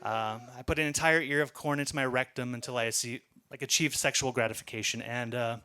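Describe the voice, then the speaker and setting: A man's voice: mid-range voice, steady tone, fairly quick, bright, forceful tone, smooth. A man doing a rambling, profane stand-up comedy set with a self-deprecating edge.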